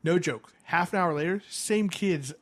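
A man's voice: sits high, measured pace. Young man, podcast host, swears a lot, rambling casual chat. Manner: rambling, profane, laughing storyteller.

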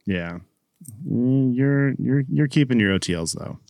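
A man with a gravelly, lively voice teases his co-hosts, often sinking into a low mutter. The sound is dry and close. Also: unhurried, no room sound. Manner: mocking, laughing, drops to a mutter. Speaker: podcast co-host. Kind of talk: casual podcast banter.

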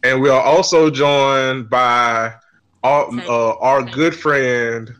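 A man's voice: mid-range voice, steady tone, slow, fairly bright tone, smooth. A man hosting a casual podcast chat, joking and teasing, with frequent fillers. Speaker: podcast host.

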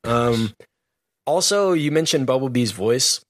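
A man's voice: mid-range voice, lively intonation, unhurried, no echo, clean studio sound. Joking, rambling man reviewing a movie. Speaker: podcast co-host. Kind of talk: casual movie review chat.

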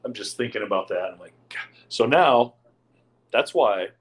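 A man's voice: lowish voice, moderate pace, slightly rough, rough recording. A man, a podcast co-host, telling a crude golf story to friends, laughing and swearing as he goes. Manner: crude, laughing, animated anecdote with heavy swearing. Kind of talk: casual storytelling among friends.

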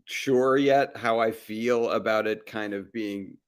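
A man's voice: on the low side, fairly even intonation, takes it slowly, clean tone. A man, a comedy TV writer guesting on a podcast, speaking thoughtfully with many hedges. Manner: thoughtful, hedging, acts out quoted voices. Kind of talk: casual podcast conversation. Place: live show at a restaurant.

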